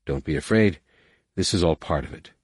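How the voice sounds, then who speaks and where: A man voicing a calm young male Jedi in an audiobook, soft and reassuring. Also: rumbling low, normal speed, breathy edge, no echo, clean studio sound, voice pushed down, full character voice.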